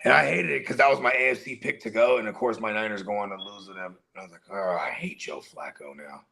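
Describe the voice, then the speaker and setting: A man's voice: mid-range voice, fairly even intonation, very fast, gravelly, sharp tone, low-quality recording. A man co-hosting a live sports watch party, telling loose, profane, joking stories in casual banter. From California.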